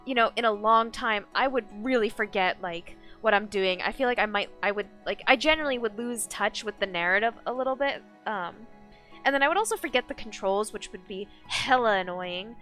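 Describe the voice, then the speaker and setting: Bright-voiced woman streamer rambling casually. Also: medium pitch, a little fast, soft background music. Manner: rambling, many fillers and self-corrections. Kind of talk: casual live-stream chat while gaming.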